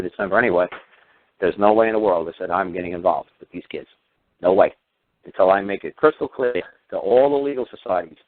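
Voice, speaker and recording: A man's voice: on the low side, no room sound. A middle-aged man talking on a radio call-in show, ranting in a profane, emphatic, heated way. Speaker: radio talk show host. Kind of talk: casual radio talk rant. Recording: tinny phone-line radio audio.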